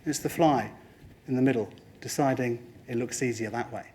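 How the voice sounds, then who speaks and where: Speaking at a training talk, this man gives a spirited motivational address at a medium pitch and moderate pace. He talks to the audience directly and mimics other voices for quoted lines.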